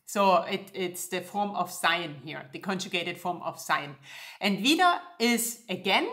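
Slow, lively-voiced teacher woman. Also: mid-range voice. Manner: slow and clear, checks in with "yeah?" and "okay?". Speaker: German teacher. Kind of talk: language lesson.

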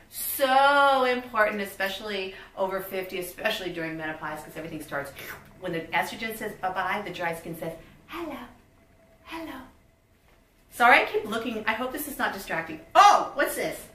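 A woman's voice: on the low side, pushed and bright, roomy sound, far from the mic, rough recording. Bubbly chatty woman in her fifties. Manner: bubbly, chatty, reads product labels aloud. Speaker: beauty vlogger. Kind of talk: casual unboxing chat.

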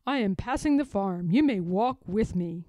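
A woman voicing a brisk male policeman, firm and clipped. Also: medium pitch, animated, warm tone, dry recording, voice pushed down, lightly acted. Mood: stern.

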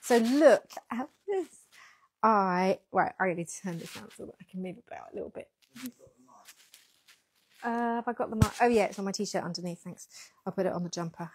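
A woman's voice: mid-range voice, fairly quick, pauses often, a little hiss or hum. A woman hosting a casual livestream, chatting with viewers and reading their comments. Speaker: yarn shop owner hosting a packing livestream. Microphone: pinned lapel mic.

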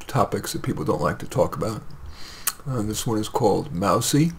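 A man reading his own short story aloud in a plain, measured way with light hesitations. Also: lowish voice, lively intonation, husky.

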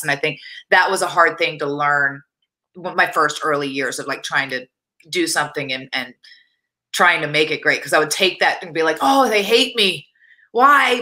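A woman with a lowish but bright voice gives blunt, honest opinions. She rambles, filling her speech with "like" and "you know", in a casual video interview. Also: poor audio. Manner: frank, rambling, many fillers like "like" and "you know". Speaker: guest, wrestler.

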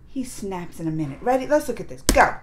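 A woman hosting a casual reaction video, excitedly retelling and commenting on scenes. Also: mid-range voice, brisk. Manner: animated, excitable retelling with laughs and acted-out quotes.

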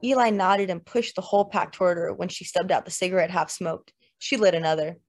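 A woman narrating a literary novel in the first person, measured and lyrical. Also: fairly low pitch, fairly even intonation. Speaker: audiobook narrator. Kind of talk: literary fiction reading.

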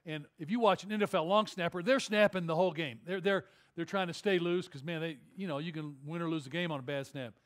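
A male pastor preaching a sermon in a church, telling a story in an animated, conversational way with jokes. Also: a little high, fast talker, few pauses. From Detroit area. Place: church auditorium.

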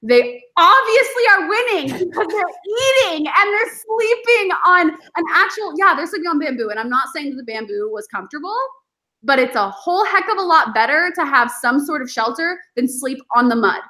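A woman, a guest on a podcast, telling animated stories in casual chat and acting out her past self. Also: sits high, normal speed. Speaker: podcast guest, former reality show contestant.

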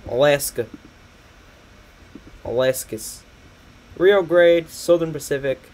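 A man's voice: a little high, takes it slowly, a little mellow, slight background noise. A young man rambling through a train catalog on a stream, sarcastic and swearing a lot, laughing often. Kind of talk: casual commentary over a catalog.

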